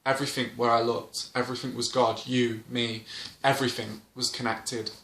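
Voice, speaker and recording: A young man with a bright, sharp voice tells a casual story straight to camera. He rambles, restarts and leans on fillers as he goes. The room around him sounds noticeably echoey. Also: medium pitch, level tone, moderate pace, slight background noise. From Britain. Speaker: vlogger. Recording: roomy indoor echo.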